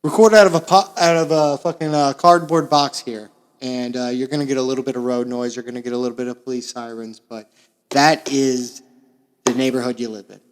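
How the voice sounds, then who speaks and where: A young man from Florida hosting a podcast, delivering a crude, sarcastic comedic monologue that swings between mumbling asides and loud bursts. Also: mid-range voice, fairly even intonation, fairly quick, smooth. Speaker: podcast host. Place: small makeshift home recording space.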